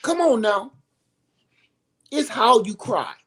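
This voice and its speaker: Lively high-voiced middle-aged man. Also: slow, breathy edge. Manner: rambling, emphatic, repeats his points. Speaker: video host. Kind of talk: casual opinion monologue.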